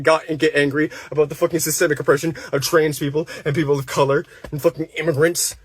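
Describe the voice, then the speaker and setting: A young man live streaming, ranting furiously with heavy swearing and halting restarts. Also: on the high side, flat delivery, husky, no room sound. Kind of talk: angry live-stream rant.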